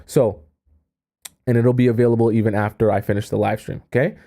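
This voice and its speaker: Male dating coach, warm and mellow voice, chatty live-stream delivery with constant "okay?" check-ins. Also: lowish voice, level tone, brisk. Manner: conversational, keeps checking in with "okay?" and "right?". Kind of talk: live stream advice talk.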